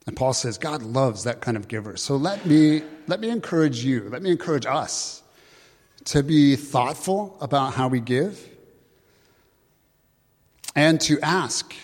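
A man preaching a sermon in an earnest, conversational way, slowing down to read scripture aloud. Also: medium pitch, lively intonation. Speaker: pastor. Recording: long hall reverb.

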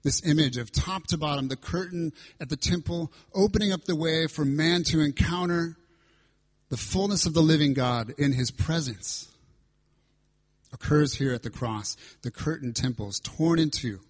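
A man's voice: a little high, moderate pace, husky. A male pastor preaching a sermon, reading scripture aloud and stressing lines with dramatic emphasis.

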